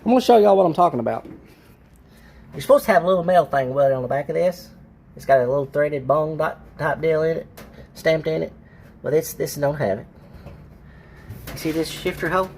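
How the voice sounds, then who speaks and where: A man's voice: on the high side, brisk, vocal fry, long pauses, darkish tone, husky. A man, a car restorer, ranting in a frustrated way about bad parts in his garage workshop.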